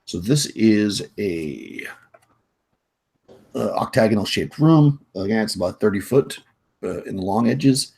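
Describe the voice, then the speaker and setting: A man running a tabletop game as game master, describing rooms in a halting way with many fillers. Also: fairly low pitch, lively intonation, vocal fry, darkish tone, slightly rough.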